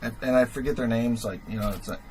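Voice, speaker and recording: A male livestream host talks fast in a mid-range voice, tinkering with gear and thinking aloud in casual, rambling chat. He leans heavily on fillers and chuckles at himself. The audio is rough, with some slight background noise.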